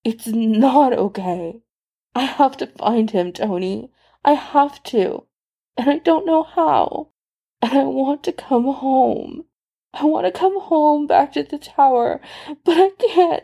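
A man's voice: sits high, animated, a little slow, creaky, dark tone, breathy edge, full character voice. A woman voicing an exhausted, injured young man who is crying and pleading, his voice breaking. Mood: tearful, pleading.

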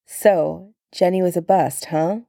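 A teasing, easygoing young man chatting on the phone, voiced by a woman reading a story. The voice is gravelly and warm, with a light, reassuring manner. It moves at an unhurried pace. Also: lowish voice, steady tone, dry recording, studio quality.

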